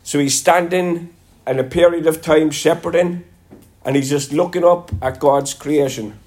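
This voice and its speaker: A man's voice: a little high, fairly even intonation, a little slow, a little mellow. A man with a Cork accent preaching a sermon, congested from a sinus infection, earnest with a lilting delivery and some self-deprecating humor. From Ireland. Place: church.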